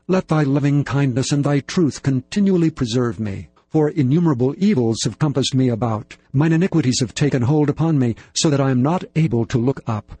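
A man reading scripture in a slow, reverent, measured voice of middle pitch. The recording is dry and close, with no room sound. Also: warm tone, husky, no echo. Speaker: scripture reader.

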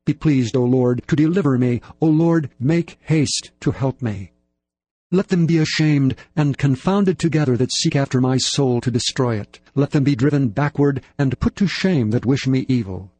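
A man reading scripture in a slow, reverent, measured voice of middle pitch. The recording is dry and close, with no room sound. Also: dark tone, dry recording. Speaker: scripture reader.

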